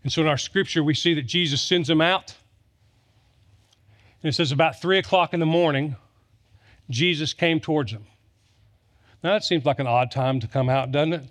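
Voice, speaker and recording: Male pastor, drawl, slightly high voice, emphatic storytelling sermon. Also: moderate pace, pauses often, fairly bright tone. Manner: storytelling with humor, emphatic repetition.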